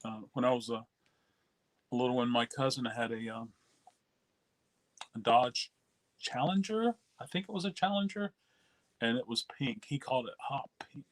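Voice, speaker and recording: A man hosting a record-selling live stream, chatting casually and answering viewer comments, relaxed and rambling with many fillers. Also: medium pitch, normal speed, pauses often.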